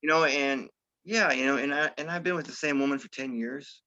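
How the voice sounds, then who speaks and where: A man's voice: mid-range voice, brisk, sharp tone, a little hiss or hum. A middle-aged man giving an interview about his past, talking casually with lots of "you know" and "okay?" and some street slang. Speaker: interview guest. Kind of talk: candid recovery story. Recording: slightly dull, lo-fi audio.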